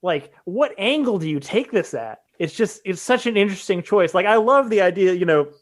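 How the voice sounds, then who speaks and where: A man's voice: sits high, animated, a little fast. A man co-hosting a podcast, thinking aloud casually with hedges and restarts. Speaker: podcast co-host. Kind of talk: casual chat.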